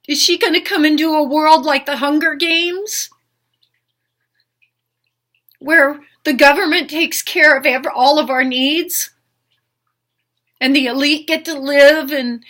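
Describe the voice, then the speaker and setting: This older woman's voice sits high with a fairly bright tone. Emotional and earnest, she pleads through an unscripted, heartfelt monologue as a spiritual healer, asking the same questions again and again.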